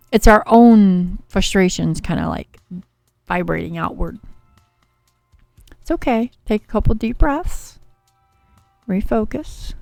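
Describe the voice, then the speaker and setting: Gravelly-toned woman reading tarot on a livestream. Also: mid-range voice, mellow, no echo. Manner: soothing, chatty, reads viewer names and card meanings. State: slightly scratchy voice from a cold. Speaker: tarot reader and livestream host.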